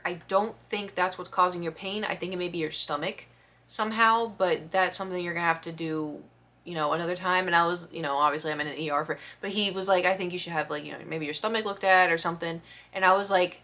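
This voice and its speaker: A woman vlogger telling a story in casual chat, expressive and acting out the quotes. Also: fairly low pitch, a little fast. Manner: chatty, expressive storyteller who acts out quotes.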